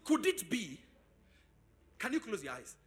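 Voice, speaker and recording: A man preaching a sermon as pastor, asking the congregation questions and swelling into sung shouts. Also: high voice, wildly swooping pitch, measured pace. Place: church service.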